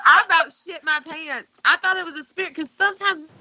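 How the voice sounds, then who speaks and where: A woman, a psychic co-hosting a casual podcast, telling stories in an animated way and swearing freely. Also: extremely high pitch, fairly quick. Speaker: psychic co-host. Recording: dull lo-fi sound.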